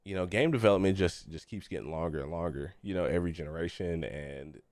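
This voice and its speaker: A man's voice: deep voice, fast talker, darkish tone, no echo, clean studio sound. A man co-hosting a casual gaming podcast, a little congested, asking questions in a laid-back way. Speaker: podcast co-host.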